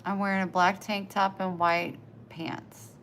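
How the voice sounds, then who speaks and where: A woman with an American country twang chats casually on a live stream, reading chat comments aloud. She is soft-spoken, short of breath, and drifts into near-whispers. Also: mid-range voice, little pitch movement, a little slow, slight background noise.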